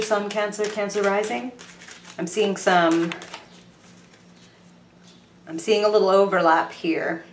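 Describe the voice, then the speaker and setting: A woman's voice: medium pitch, echoey room, slight background noise. Chatty woman giving a tarot reading. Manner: chatty and excitable, with frequent fillers and apologies. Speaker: tarot reader.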